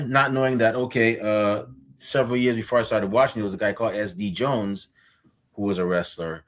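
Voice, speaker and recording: A man's voice: on the low side, a little fast. A man from Guyana hosting a casual interview who tells a personal story in a conversational way. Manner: conversational, retells stories with acted-out quotes. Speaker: interview host. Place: streamed remote interview.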